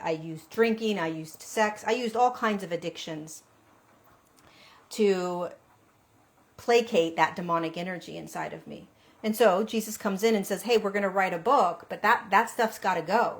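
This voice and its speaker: Woman talking earnest and chatty about her faith journey, talks right to you, mid-pitched voice. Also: a bit bright. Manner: earnest, conversational, addresses listener directly. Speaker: spiritual speaker. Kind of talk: personal testimony talk.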